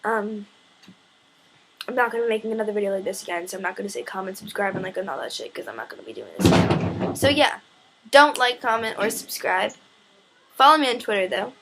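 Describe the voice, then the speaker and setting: A young woman in her teens excitedly retelling a story in a casual vlog, gushing and full of "like" fillers. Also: mid-range voice, brisk, pauses often, noisy background.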